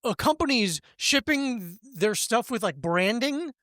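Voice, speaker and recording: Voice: medium pitch, animated, a little slow, fairly bright tone, dry recording, studio quality. A podcast host in casual chat, making joking asides and laughing often.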